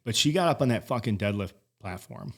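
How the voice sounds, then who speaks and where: A man's voice: on the low side, lively intonation, fairly quick, creaky, fairly bright tone, slightly rough. A man in his forties talking casually as a podcast guest, rambling and swearing, with many restarts. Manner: rambling, profane, frequent restarts. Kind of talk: casual conversation.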